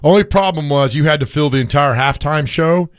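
Hoarse sports radio host, man, slightly raised voice, dry studio sound, rambling and self-mocking. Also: a little high, brisk, no room sound. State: hoarse from screaming. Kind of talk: casual sports talk.

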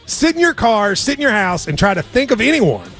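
A man's voice: high voice, big pitch swings, fairly quick, a bit bright, faint music behind. A man hosting a sports radio show, chatting casually about betting picks with wry, playful banter.

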